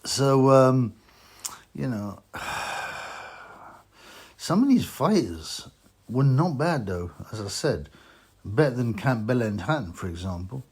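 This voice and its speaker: A man vlogging about boxing in a casual, rambling way, slightly drunk and slow, with many fillers. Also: mid-range voice, lively intonation, darkish tone, breathy edge. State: tipsy from drinking.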